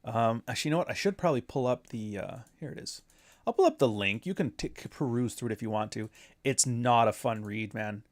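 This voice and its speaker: A man's voice: mid-range voice, animated, a little fast, no echo, clean studio sound. A man doing casual commentary, rambling through sarcastic asides. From Canada. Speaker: commentary host.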